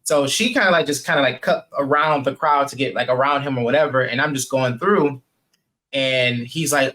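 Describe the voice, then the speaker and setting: A young man, a podcast guest, telling animated casual stories full of "like" and "man" and acting out the voices of others. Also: medium pitch, normal speed. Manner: animated, acts out quoted voices, laughs often; heavy use of "like" and "man". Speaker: podcast guest, jiu-jitsu purple belt. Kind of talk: casual storytelling.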